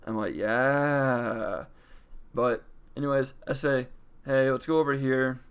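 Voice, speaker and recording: A man's voice: mid-range voice, steady tone, moderate pace, clear, resonant tone. A young man casually telling a storytime story, chatty and profane, acting out the others' lines in changed voices. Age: young adult. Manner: acts out quoted lines in varied voices.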